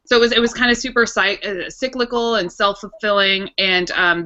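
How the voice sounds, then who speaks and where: A woman's voice: mid-range voice, sharp tone. A woman in her thirties, a guest on a casual chat show, telling her story in a candid, reflective way. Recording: dull lo-fi recording.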